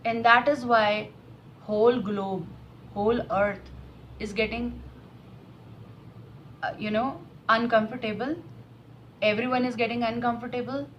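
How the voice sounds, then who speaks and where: A woman's voice: on the high side, a bit bright, highs cut off, a little hiss or hum. A woman giving an emotional, repetitive tarot reading to camera. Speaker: tarot reader.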